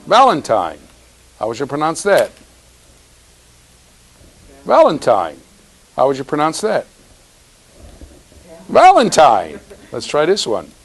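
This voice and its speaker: A man's voice: on the high side, big pitch swings, fast talker, few pauses, slightly rough, low-quality recording. A man giving a university classroom lecture, teasing students and checking in with "right?".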